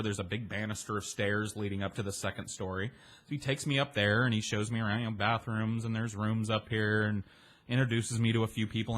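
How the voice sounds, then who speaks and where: A man with a lowish, slightly bright voice tells a long, rambling personal anecdote in casual speech. He restarts sentences, swears, and slips into imitating other people's voices.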